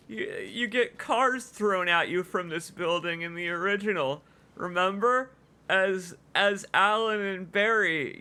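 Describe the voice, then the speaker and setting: A man streaming a video game, commenting excitedly and emotionally, gushing and laughing often. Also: high voice, clean tone. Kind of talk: let's play commentary.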